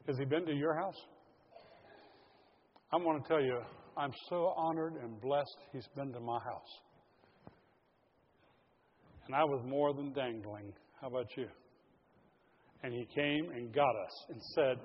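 A man's voice: medium pitch, measured pace, long pauses, slightly rough. A man preaching a sermon to his congregation, earnest and direct, calling them folks. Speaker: pastor. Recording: lo-fi audio in a large reverberant hall.

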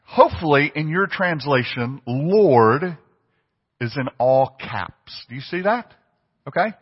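Pastor, man, slightly high husky voice, chatty sermon style with questions to the pews, long-reverb church room. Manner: conversational preaching, asks the congregation questions. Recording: long reverb, dull lo-fi sound.

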